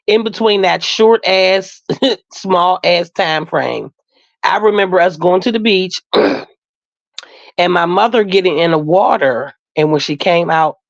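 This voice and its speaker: A woman's voice: low-pitched, no echo, dull audio. A woman telling a story frankly and profanely in a casual live-stream chat, laughing often. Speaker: co-host.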